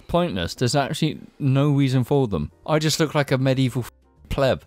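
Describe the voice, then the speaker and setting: A man's voice: mid-range voice, expressive, normal speed, darkish tone, no echo, faint music behind. A man co-hosting a casual podcast, rambling through his points with self-mocking humour and frequent laughter. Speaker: podcast co-host. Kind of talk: casual chat among friends.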